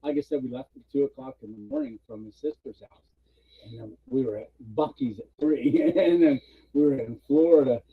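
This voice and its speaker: A man chatting casually on a live stream, telling a funny story with lots of laughter and quick character voices. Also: creaky, breathy edge. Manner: animated storyteller, puts on high voices for characters, laughs often. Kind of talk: casual chat, retelling a comic bit. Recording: dull lo-fi stream audio.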